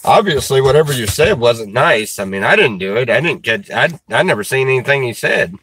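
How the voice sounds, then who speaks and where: A man's voice: mid-range voice, sing-song, a bit bright, husky. A man talks loosely to his live chat, stopping and restarting his sentences with plenty of "uh" and "um". He chuckles now and then as he reads comments aloud. The sound is dry and close, with no room echo. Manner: halting, many restarts and fillers; chuckles while reading comments. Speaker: livestreamer reading chat.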